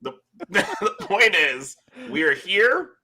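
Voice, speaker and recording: A man's voice: sits high, big pitch swings, slow pace, a crowd in the background. A man playing a tabletop game, arguing his party's case with playful mock logic. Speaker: player. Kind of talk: casual tabletop game play.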